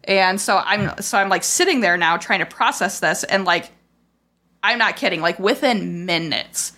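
At normal speed and a mid-range pitch, a woman with a bright, forceful voice hosts a podcast and tells a painful family story. It spills out casually and ramblingly, thick with "like" and quoted remarks, raw and frustrated.

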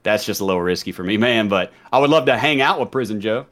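A man's voice: on the low side, animated, fast, fairly bright tone. A man in his thirties with a mild Southern American accent, chatting casually as a podcast guest, rambling and laughing as he goes. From Southern United States. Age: 30s.

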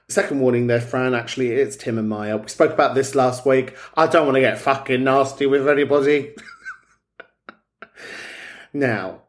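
A man's voice: mid-range voice, steady tone, moderate pace, pauses often. A man hosting a podcast, cheeky and sweary in casual chat. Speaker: podcast host.

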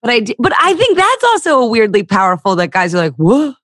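A woman's voice: a little high, wildly swooping pitch, fast, fairly bright tone, no echo, clean studio sound. A young woman from the Philadelphia area, a stand-up comedian talking casually on a podcast, telling stories with crude jokes and acted-out voices.

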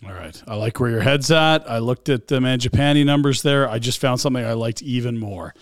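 A man's voice: mid-range voice, brisk, no echo, studio quality. A man co-hosting a sports podcast, talking through trades and betting odds like an analyst. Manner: talkative analyst, rattles off trades and stats, laughs easily. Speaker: sports radio co-host. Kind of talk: hockey analysis chat.

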